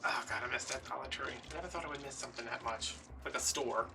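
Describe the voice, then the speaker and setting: A man's voice: medium pitch, fast, gravelly, distant mic, music in the background. A man, hosting a craft video and telling rambling, playfully dramatic stories. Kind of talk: casual storytelling while crafting.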